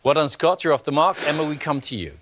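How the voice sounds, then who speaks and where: A man's voice: fairly high pitch, expressive, quick pace, a bit bright, a little hiss or hum. Upbeat man hosting a TV quiz. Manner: upbeat, reading out questions. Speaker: quiz show host. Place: TV studio.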